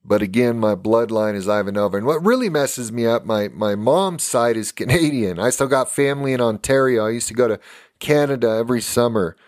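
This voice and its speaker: A man's voice: medium pitch, expressive, a little fast, no room sound, clean studio sound. An American man preaching a fiery live-stream sermon for his podcast, emphatic and tired. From United States.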